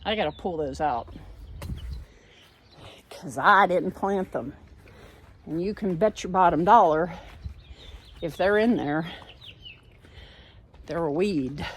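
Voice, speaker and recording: A woman's voice: lowish voice, takes it slowly, long pauses, breathy edge. An older woman chatting in a homespun way as she walks outdoors through a backyard, filming on a handheld phone. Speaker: home and garden vlogger. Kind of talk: casual walk-through vlog.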